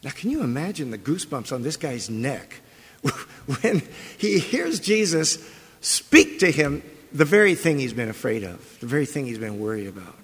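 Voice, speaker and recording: A man's voice: medium pitch, very animated, moderate pace, fairly bright tone, husky. A male pastor preaching a sermon, telling the story with animation and putting questions to the congregation. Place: church sanctuary. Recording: long reverb of a large church hall.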